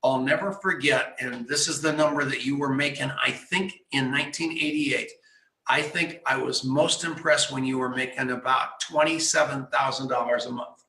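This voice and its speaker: A man hosting a radio talk show, telling an excited story with acted-out dialogue. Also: mid-range voice, normal speed, echoey room, rough recording. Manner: excited, animated storyteller who acts out dialogue.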